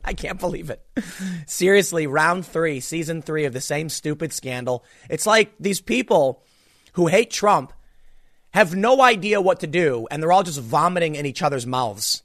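Expressive and at a moderate pace, a man vents about politics alone, ranting in exasperation and stumbling over restarts. His voice runs a bit high for a man and sounds slightly bright, and the close-miked recording is dry, without room sound.

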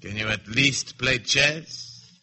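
An actor playing a bored, cruel general in a 1950s radio drama, speaking in a sardonic, contemptuous, measured way. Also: male voice, medium pitch, bright, forceful tone, exaggerated voice. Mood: menacing. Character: bored, cruel middle-aged male general.

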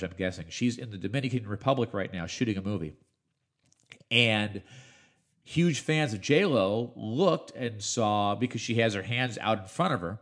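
A middle-aged man, a radio host, rambling chattily through a solo podcast while sounding congested from allergies. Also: on the low side. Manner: chatty, rambling, self-interrupting. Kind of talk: casual podcast monologue.

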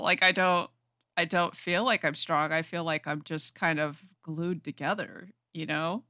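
Podcast host, bright tone, wry, laughs along, dry close sound. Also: mid-range voice, steady tone, a little slow, no room sound. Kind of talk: casual chat.

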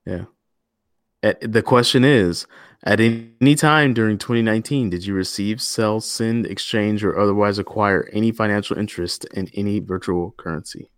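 A man's voice: fairly low pitch, moderate pace, no room sound, clean studio sound. A young man co-hosting a podcast, teasing and joking in casual profane chat. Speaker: podcast co-host.

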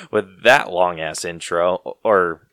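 Young male podcast host, easygoing and self-mocking, mid-pitched, dry close sound. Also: very slow, fairly bright tone, smooth, no room sound. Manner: laid-back, laughs often, self-deprecating. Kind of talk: casual chat.

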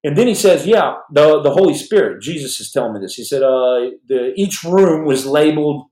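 A middle-aged man hosting a live podcast, telling a story in a rambling, animated way, repeating words and acting out what others said, while in pain with a numb hand. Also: fairly high pitch, moderate pace, reverberant, poor audio. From United States. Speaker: podcast host telling his own stories.

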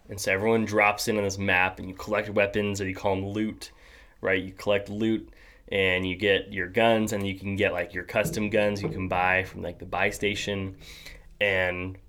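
A young adult man hosts a podcast in casual chat, rambling with lots of fillers and restarts and laughing often. His voice is deep and fairly bright, with a level tone, at normal speed.

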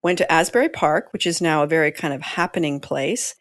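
A woman's voice: low-pitched, brisk, dry recording, studio quality. A woman co-hosting a podcast in casual chat, playful and teasing, laughing often. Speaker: podcast co-host.

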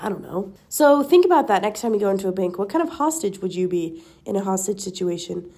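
Young woman, podcast co-host, mellow and rambling, self-deprecating. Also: mid-range voice, very animated, fast. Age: young adult. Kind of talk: casual chat.

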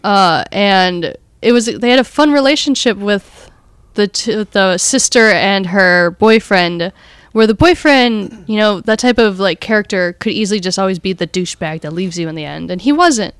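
A woman's voice: medium pitch, normal speed, clean tone, no room sound. A woman co-hosting a podcast, chatting about a movie in a giggly, casual way. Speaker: podcast co-host. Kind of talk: casual chat, movie review.

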